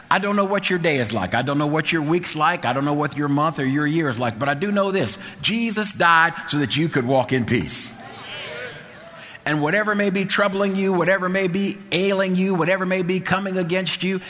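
A man's voice: fairly high pitch, normal speed, sharp tone. A man preaching a sermon, telling a personal story fervently with many restarts and repetitions. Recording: long hall reverb.

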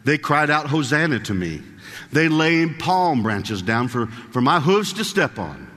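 Brief: a boastful male donkey with a slow, proud drawl, put on by a man mid-sermon. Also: on the high side, big pitch swings, a bit bright, in a large hall, exaggerated voice.

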